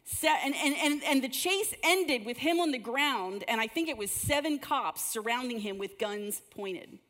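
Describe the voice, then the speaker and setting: A woman with a fairly high, expressive, unhurried voice that leans a bit bright leads conversational church teaching, weaving prayer together with stories. She often repeats words as each sentence begins. Her group is gathered in a large room, and the recording has a long hall reverb.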